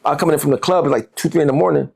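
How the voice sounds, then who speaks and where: A man's voice: on the high side, very fast, gravelly, darkish tone, husky. A man, a guest on a podcast interview, talking heatedly and profanely and repeating words as he gets worked up.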